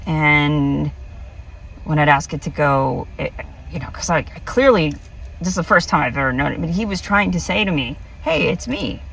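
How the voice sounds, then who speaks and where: A woman's voice: lowish voice, fairly bright tone, far from the mic, rough recording. A woman vlogger casually telling a personal story, rambling with many fillers and restarts. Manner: rambling, filler-heavy, self-interrupting.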